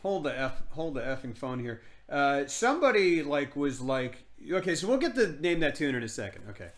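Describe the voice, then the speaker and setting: A man's voice: fairly high pitch, sing-song, brisk. A man streaming live, telling a rambling comic story in casual chat.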